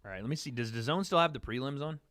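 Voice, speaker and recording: A man with a mid-range, animated voice talks rapid-fire in a fairly bright tone, recorded studio-clean with no echo. He's hosting a casual livestream, addressing chat directly in a loose, chatty way, joking and repeating himself as he reacts to chat about a fight.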